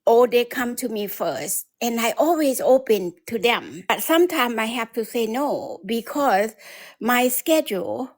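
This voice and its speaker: A woman calling in to chat, speaking halting non-native English and laughing easily. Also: fairly high pitch, lively intonation. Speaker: caller. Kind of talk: casual chat.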